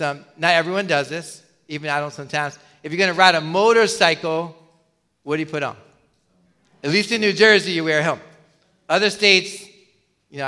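Bright, high-voiced male pastor preaching. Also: in a large hall. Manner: conversational, animated storytelling with many asides. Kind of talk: sermon.

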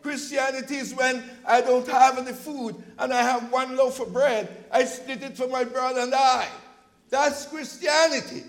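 A male preacher giving an impassioned sermon, telling stories from his church's food pantry and at times rising to a shout. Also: very high-pitched, fairly even intonation, moderate pace, poor audio. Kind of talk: sermon with storytelling.

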